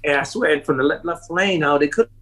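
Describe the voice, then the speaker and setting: Animated storytelling man. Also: quick pace, rough recording. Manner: acts out quoted voices with sharp rises in pitch, laughs often. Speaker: interview guest, drummer.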